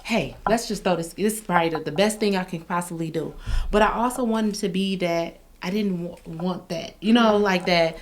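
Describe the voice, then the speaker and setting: A woman hosting a casual podcast conversation, a real estate team leader who tells lively stories and acts out the dialogue. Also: fairly low pitch, moderate pace. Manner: animated storyteller, acts out quoted dialogue.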